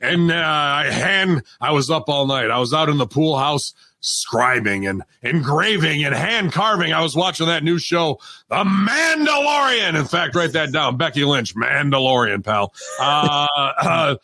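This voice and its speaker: A man doing a comedic impression of a gruff, profane old wrestling company boss who rambles and calls everyone pal. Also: a little high, lively intonation, unhurried, few pauses, sharp tone, dry recording, studio quality, full character voice. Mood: blustering.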